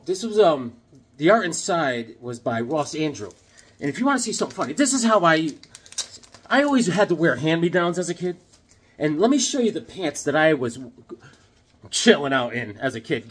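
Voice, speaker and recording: A middle-aged man rambles through stories and comic book chat at home, his voice husky and somewhat high for a man. His pitch swings widely as he jumps into other people's voices. The talk is loose and conversational. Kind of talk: casual rambling storytelling.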